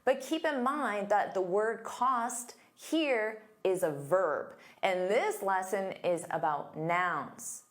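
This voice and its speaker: A woman teaching an English lesson, speaking slowly with careful, deliberate enunciation. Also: mid-range voice. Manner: slow, deliberate, clear enunciation.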